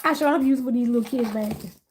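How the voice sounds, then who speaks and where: Woman, casual livestream host, chatty, laughs a lot, fairly high voice, faint crinkling behind. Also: quick pace, darkish tone, slight background noise. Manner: chatty, laughs often, addresses viewers by name. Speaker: livestream host wrapping gift baskets.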